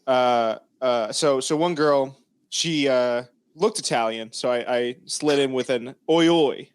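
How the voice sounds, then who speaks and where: A young man hosting a casual comedy podcast, telling self-mocking stories in an animated way. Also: mid-range voice, a little slow, smooth, dry recording, studio quality. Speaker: podcast host.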